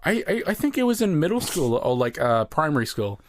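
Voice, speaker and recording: A man's voice: fairly high pitch, big pitch swings, brisk, a little hiss or hum. A young man co-hosting a podcast, chatting casually in a rambling, jokey, profane way. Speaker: podcast co-host. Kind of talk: casual chat.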